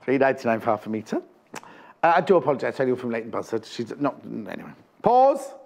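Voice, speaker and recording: A man's voice: mid-range voice, wildly swooping pitch, fast, gravelly, darkish tone. A man presenting a live home shopping TV show, chatting about fabrics and prices with jokey, teasing asides in a studio. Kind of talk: live TV sales chat.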